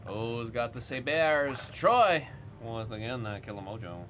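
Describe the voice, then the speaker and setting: A man's voice: medium pitch, lively intonation, takes it slowly, fairly bright tone, soft background music. A man hosting a live card break, reading out player names with loose, rambling, joking commentary. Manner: reads out player names as he goes. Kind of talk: live commentary while opening cards.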